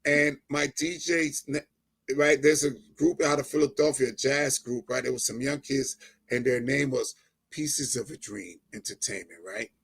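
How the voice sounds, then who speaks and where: A middle-aged New Jersey man, appearing as an interview guest, shares an emotional personal testimony with lots of animation, frequently laughing and getting louder when excited. His medium-pitched voice moves a little slowly and carries a breathy edge.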